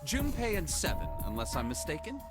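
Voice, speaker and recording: An actor playing a composed, courteous man in a game, who speaks formally and calmly. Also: a little high, a little fast. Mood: calm, polite. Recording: loud game music underneath.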